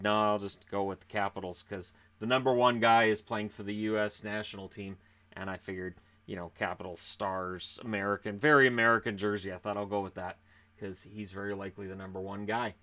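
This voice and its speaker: A man's voice: on the low side, a bit bright. A man with a Canadian accent talking casually to camera about hockey prospects, loose and chatty with frequent fillers and restarts. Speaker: hockey YouTuber. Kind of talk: casual scouting commentary to camera.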